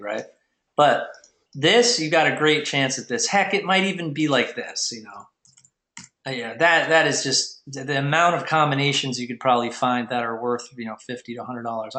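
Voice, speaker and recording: A man teaches on a live webinar in a loose, rambling manner, pausing and restarting often. His voice sits at an ordinary pitch. The sound is roomy and echoey, as from a computer mic. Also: pushed and bright. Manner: rambling, frequent fillers and restarts. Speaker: webinar host teaching domain investing. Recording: echoey room.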